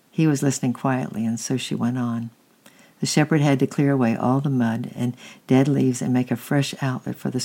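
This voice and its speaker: A reader reading a children's story aloud, unhurried and halting, often correcting slips. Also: medium pitch, mellow.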